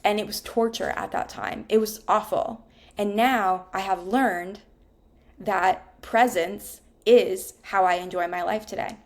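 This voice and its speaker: A woman's voice: medium pitch, fairly even intonation, a little slow. A woman, frankly telling a personal story in a casual, conversational way and swearing now and then.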